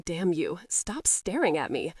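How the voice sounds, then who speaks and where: A woman's voice: fairly low pitch, sing-song, unhurried, darkish tone, slightly rough, no room sound, clean studio sound, distant mic, exaggerated voice. A woman voicing a brooding young husband haunted by guilt, who speaks curtly and in anger. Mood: angry. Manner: curt, angry, bitter.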